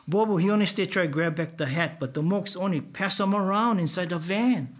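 A man's voice: high-pitched, fairly quick, hardly any pauses. A man telling a first-person story in Hawaiian Pidgin with a plain, earnest delivery.

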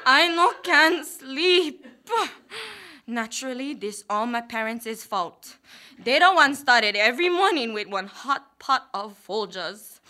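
A woman's voice: on the high side, lively intonation, a little slow, pushed and bright. A young woman with a Hawaiian Pidgin accent doing a mock-dramatic stand-up comedy monologue, switching between pidgin and prim standard speech.

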